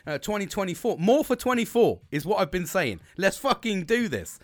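A British man in his thirties talks through his solo podcast in a loose, rambling way, swearing constantly and full of upbeat energy. His voice runs a touch high and swings widely in pitch. The sound is dry and close, with no room around it. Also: big pitch swings, normal speed, no echo. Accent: British English. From Britain. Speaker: podcast host. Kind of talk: casual solo podcast chat.

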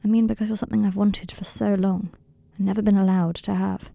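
A woman voicing an earnest, tender young male wizard in an audiobook reading of a fan story, speaking in a softly confiding, slightly rambling way. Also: mid-range voice, flat delivery, a little fast, vocal fry, no echo.

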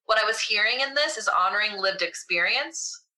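A woman's voice: medium pitch, lively intonation, moderate pace, sharp tone, poor audio. A woman hosting a reflective conversation, thoughtful and searching for her words as she goes. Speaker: podcast host.

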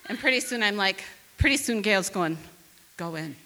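Lively woman telling a story in a big hall. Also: medium pitch, fairly quick. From northern Wisconsin. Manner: lively, acts out quoted voices. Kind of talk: storytelling to a live audience.

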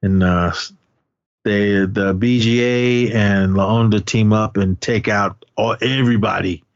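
A man's voice: on the low side, steady tone, measured pace, no room sound. A man co-hosting a podcast, recapping a movie's plot in casual chat, rambling with many fillers and restarts. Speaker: podcast co-host. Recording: dull lo-fi sound.

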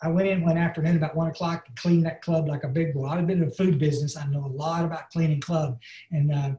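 Man, folksy, earnest, slightly high voice, echoey room. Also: steady tone, fast talker, warm tone. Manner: folksy, earnest, many "and, uh" fillers. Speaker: recovery speaker. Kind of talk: personal testimony talk. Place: online meeting.

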